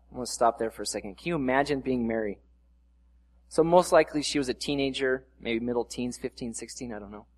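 Casual, excitable preaching man. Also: mid-range voice, fast, big-room sound. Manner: casual and conversational, growing louder and more excited while reading scripture; asides and self-corrections. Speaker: pastor. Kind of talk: sermon.

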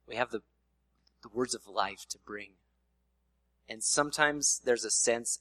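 A man's voice: mid-range voice, unhurried, pauses often, bright, forceful tone, dry recording. A man preaching a sermon in a casual, conversational way, slipping in playful voiced asides. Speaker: pastor.

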